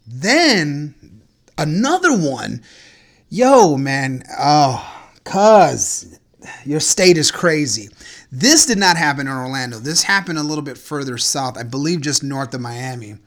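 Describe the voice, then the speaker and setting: A man's voice: on the high side, very animated, unhurried, fairly bright tone. A man hosting a podcast in casual chat, ranting in a profane, incredulous way about strange news stories. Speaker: podcast host.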